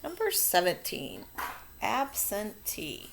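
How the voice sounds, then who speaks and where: A woman teaching a children's spelling lesson, dictating words slowly and walking through how to mark each syllable. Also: medium pitch, wildly swooping pitch, gravelly, slight background noise. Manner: slow, stretched-out word dictation.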